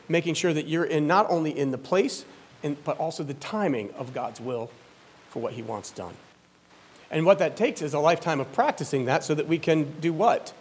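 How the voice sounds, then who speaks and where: A man preaching a sermon in an earnest, conversational way, with fillers and rhetorical questions. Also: a little high. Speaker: pastor.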